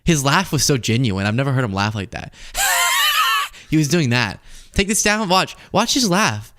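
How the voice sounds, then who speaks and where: A man's voice: mid-range voice, expressive, fairly quick, fairly bright tone. A man hosting a political commentary show, talking casually and sarcastically and laughing often.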